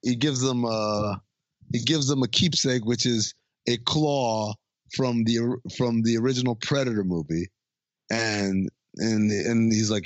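A man's voice: mid-range voice, steady tone, a little slow, no echo, muffled recording. A man co-hosting a podcast, casually recapping a film scene by scene and quoting its lines. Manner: retells scenes with quoted lines, frequent restarts. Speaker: podcast co-host. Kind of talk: casual movie recap chat.

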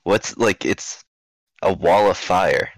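A man's voice: sits low, slow, vocal fry, no echo. A man chatting casually and joking, laughing often. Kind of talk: casual chat.

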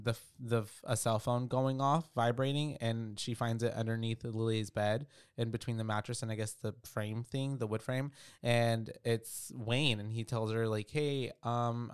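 A man with a smooth, resonant voice chats through a film plot, loose and full of fillers, dropping swear words as he goes. The recording is dry and close with no room sound. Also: medium pitch, dry recording. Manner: loose, profane retelling with many fillers. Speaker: podcast co-host. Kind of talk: casual movie recap chat.

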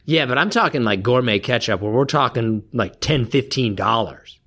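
A man's voice: mid-range voice, animated, moderate pace, fairly bright tone. A man co-hosting a podcast in casual chat, blunt and teasing. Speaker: podcast co-host.

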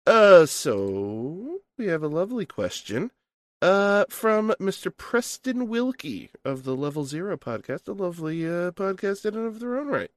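A man's voice: sits high, very animated, measured pace, no echo. A man hosting a podcast, reading out a listener question in a chummy, folksy way. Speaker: podcast host.

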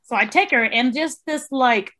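A young woman, a podcast guest, telling a story in casual chat, animated and swearing freely as she acts out quotes. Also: high voice, moderate pace. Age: young adult. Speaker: podcast guest, former resident assistant.

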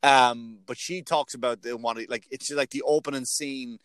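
A middle-aged man hosting a casual comedy podcast, telling animated, profane stories and acting out quotes. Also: medium pitch, moderate pace, clear, resonant tone, no echo.

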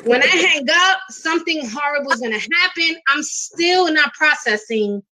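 Bright-voiced woman telling an emotional story. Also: high-pitched, moderate pace, low-quality recording. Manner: emotional, animated retelling with acted quotes. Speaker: guest. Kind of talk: storytelling in a live talk show interview.

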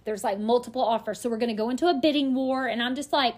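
A woman in her thirties, a podcast guest, telling a story in lively casual chat and acting out what other people said. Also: a little high. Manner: lively, quick to act out other people's lines.

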